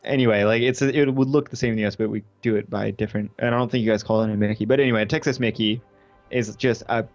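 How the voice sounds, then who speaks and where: A young man in his twenties telling a rowdy story on a gaming stream, animated and swearing freely. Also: lowish voice, fast talker, lo-fi sound, faint music behind. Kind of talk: casual chat on a gaming stream.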